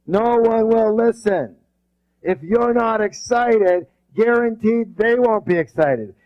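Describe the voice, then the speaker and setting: Male seminar leader, high-ish voice, energetic call-and-response, muffled lo-fi audio. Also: slow. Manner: energetic, drills the audience with rhetorical questions; emphatic, bursts loud when stressing passion. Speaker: motivational seminar speaker. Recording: dull lo-fi recording.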